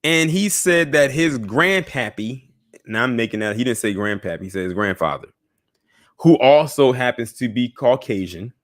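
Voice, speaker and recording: Speaking in a mid-range voice at normal speed, a young man runs a casual news commentary show. He animatedly addresses viewers head-on and scoffs in asides.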